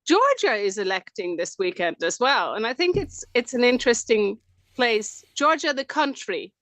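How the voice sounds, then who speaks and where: Measured woman, dry close voice. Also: a little high, big pitch swings, a bit bright, dry recording. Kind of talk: casual panel chat on a video call. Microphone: video call.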